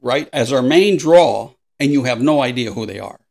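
A man's voice: medium pitch, lively intonation, normal speed, gravelly, darkish tone. A man in his sixties co-hosting a casual podcast chat, laughing often and acting out little voices in his stories. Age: 60s. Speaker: podcast co-host.

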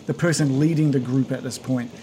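A man's voice: mid-range voice, fairly even intonation, fairly quick, dark tone, slight background noise. A man narrating as game master, rambling and correcting himself as he describes the scene. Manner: rambling, self-correcting, chuckling.

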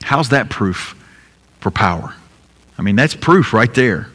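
A man's voice: mid-range voice, expressive, a little slow, fairly bright tone. Earnest male pastor preaching in a reverberant hall. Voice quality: earnest, emphatic preaching with repeated phrases. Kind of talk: sermon.

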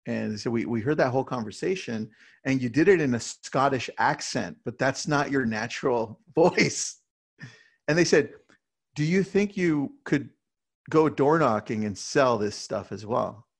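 A man who leads a real estate team, talking casually in an interview and telling energetic stories with frequent "right?" tags. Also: medium pitch, normal speed, creaky, breathy edge.

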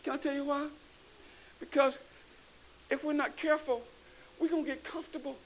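A man preaching a sermon to a live congregation, animated, calling out to the audience and rising to shouts. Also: very high-pitched, a little fast, a little hiss or hum, low-quality recording. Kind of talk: sermon with testimony. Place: church before a live congregation.

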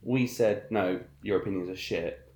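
A man's voice: low voice, normal speed, a little mellow, roomy sound. A man co-hosting a podcast, ranting in casual, sweary chat. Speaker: podcast co-host.

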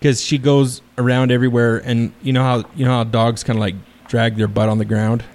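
A man's voice: mid-range voice, little pitch movement, brisk, darkish tone. A man hosting a podcast, making a prank phone call with feigned earnest worry and a straight face. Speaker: podcast host.

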